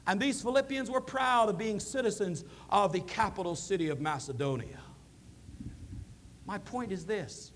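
A man preaching a sermon as a minister, building to loud, emphatic peaks. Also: sits high, normal speed, a little hiss or hum.

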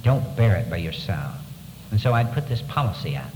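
A man with a somewhat low voice tells a story in an earnest, measured way. He pauses often as he speaks. The recording has a long, echoing reverb and clear background noise. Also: very animated. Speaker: speaker recounting wartime captivity. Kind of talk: storytelling talk. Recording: echoey hall with background noise.

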